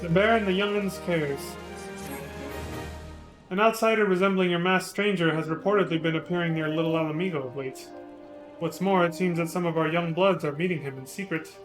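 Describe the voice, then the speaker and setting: A wary resistance elder speaks in a formal, measured way, as a man reads the game's lines aloud. The voice sits fairly high. Soft game music runs behind him. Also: close to an everyday voice. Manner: cold at first, measured and formal. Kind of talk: reading game dialogue aloud.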